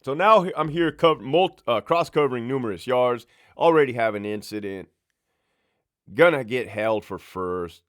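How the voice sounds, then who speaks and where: Man, ex-prison lieutenant, casual storytime, lively up-and-down pitch, swears a lot. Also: normal speed. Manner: profane, animated storyteller.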